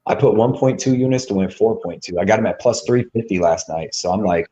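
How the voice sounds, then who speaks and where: A man with a low, mellow voice chats casually about fight picks and odds. He rambles loosely, tossing in "dude" and "you know what I mean" as he makes his case. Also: fairly quick, dull audio. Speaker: co-host of a betting show. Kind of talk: casual sports betting chat.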